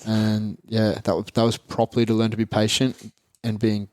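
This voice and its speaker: A man's voice: fairly low pitch, monotone, normal speed, darkish tone, dry recording, clean studio sound. A man in his twenties with an Australian accent, a guest in an interview, talking in a rambling casual way full of fillers and restarts.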